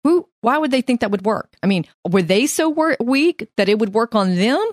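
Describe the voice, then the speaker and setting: A woman's voice: fairly high pitch, expressive, normal speed, no room sound, studio quality. A woman in a casual Bible study talk, wondering aloud and asking questions about the passage.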